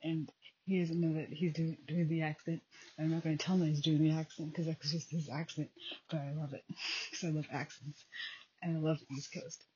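A young adult woman hosting a casual solo podcast from home at night, talking quietly and rambling with many fillers into a phone. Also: low-pitched, level tone, a little fast, a little hiss or hum. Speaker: podcast host. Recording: dull lo-fi phone recording.

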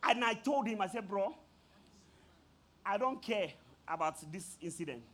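A man preaching a sermon, telling a story with laughter and sudden shouted peaks. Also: high-pitched, lively intonation, measured pace. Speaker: pastor.

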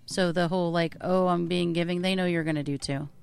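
A woman's voice: lowish voice, steady tone, brisk, creaky, smooth, no room sound. A woman co-hosting a radio music show, chatting in a gushing, enthusiastic and teasing way. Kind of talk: casual on-air music chat.

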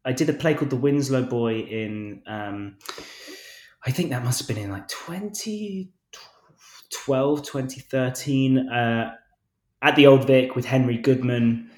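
A man's voice: mid-range voice, unhurried, a little mellow. This is a man in his twenties, an actor guest chatting loosely on a podcast. He rambles, restarts his sentences and laughs at himself. His mid-range voice carries a noticeable roomy echo. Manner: self-deprecating storyteller, frequent restarts and laughs. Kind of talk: casual interview chat.

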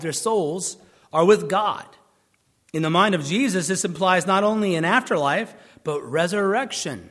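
Man, fairly high voice, sermon, conversational, dry asides. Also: fairly bright tone, breathy edge. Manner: conversational, sardonic asides, puts on mocking voices for questioners. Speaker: preacher.

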